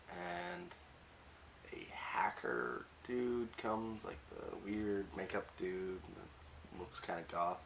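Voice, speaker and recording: Young man, lowish voice, faint hiss, hesitant recap, lots of fillers, wry asides. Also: gravelly, low-quality recording. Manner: rambling, hesitant, many fillers. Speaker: YouTube recap reviewer. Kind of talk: casual episode recap.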